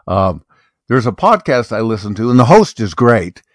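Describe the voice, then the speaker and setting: Older man, podcast co-host, casual chatty storytelling, animated delivery, dry sound. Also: fairly low pitch, normal speed, dry recording. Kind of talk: casual chat.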